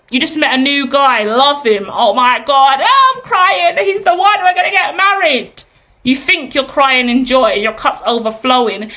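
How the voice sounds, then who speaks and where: A woman in her thirties with a slightly high, fairly bright voice gives a casual tarot reading monologue. She's candid and chatty, asks herself rhetorical questions and swears freely.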